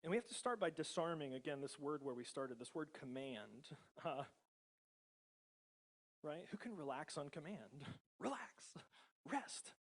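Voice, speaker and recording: A male pastor with an American accent delivers a casual, conversational sermon, chuckling often and checking in with the congregation through many tag questions. His voice is on the high side, expressive and unhurried, with frequent pauses.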